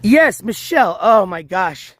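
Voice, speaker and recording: High-voiced man streaming on a walk, voice going hoarse. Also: lively intonation, a little slow. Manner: reads chat aloud, shouts thanks for donations. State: losing his voice. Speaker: livestream host. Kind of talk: casual walking livestream chat. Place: outdoors on city streets, walking dogs. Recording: faint street noise outdoors.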